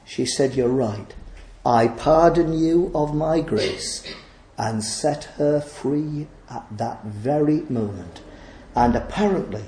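A man's voice: mid-range voice, mellow, echoey room, poor audio. A man preaching a sermon, emphatic and pleading in his appeals.

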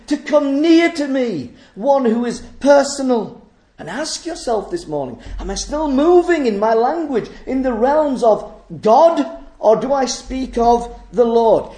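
Emphatic preacher in an echoey hall. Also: male voice, very high voice, mellow. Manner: emphatic, rhetorical questions. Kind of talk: sermon.

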